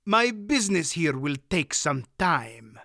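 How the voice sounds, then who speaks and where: A man's voice: high-pitched, big pitch swings, slow, fairly bright tone, no room sound, clean studio sound, voice pushed up, exaggerated voice. Audiobook: a man voicing a cold, scarred foreign warrior, harsh and suspicious. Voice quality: harsh, thickly accented. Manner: cold and probing.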